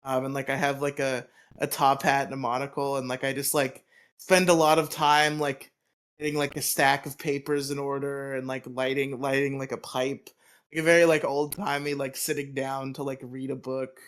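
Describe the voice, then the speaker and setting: A man's voice: medium pitch, normal speed. Rambling, profane male podcast co-host. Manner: rambling, profane, animated riffing. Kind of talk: casual chat.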